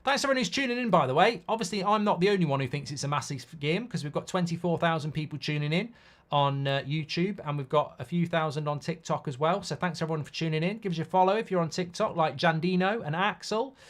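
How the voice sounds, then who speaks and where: A man's voice: a little high, quick pace. A man hosting a live football watchalong, casual and blunt, reading out viewer comments between reactions to the match. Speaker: host.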